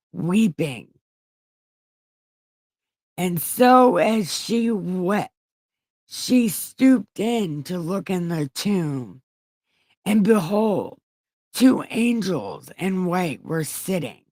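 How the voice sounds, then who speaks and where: Slow, irreverent woman reading scripture. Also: on the low side, a little mellow, dry recording. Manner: irreverent asides, casual swearing. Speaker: online show host. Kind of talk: comedic Bible reading.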